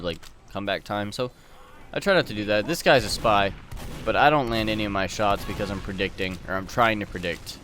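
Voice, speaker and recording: A man giving relaxed voice-over commentary on his own gameplay, walking through each move and swearing casually now and then. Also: lowish voice, slight background noise.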